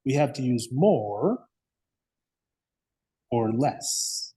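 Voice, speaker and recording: A man's voice: mid-range voice, animated, extremely slow, warm tone, husky. A man teaching an English grammar lesson, patiently repeating words and checking understanding with frequent "okay?" and "yes?".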